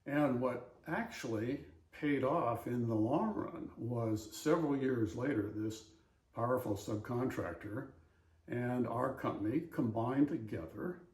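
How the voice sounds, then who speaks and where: A man's voice: mid-range voice, unhurried, darkish tone. Older Californian man, roomy echoey sound. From Southern California. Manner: easygoing, anecdotal, wry. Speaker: voice-over actor auditioning. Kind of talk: casual storytelling and read-aloud passage.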